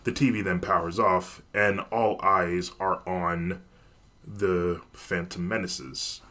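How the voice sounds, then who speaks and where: A man narrating a fan story in a plain, even storytelling manner. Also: low voice, slow pace.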